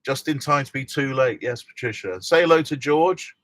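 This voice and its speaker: A man's voice: mid-range voice, normal speed, a bit bright. A middle-aged man hosting a casual live stream from inside a motorhome, chatting and reading out viewer comments with frequent laughs.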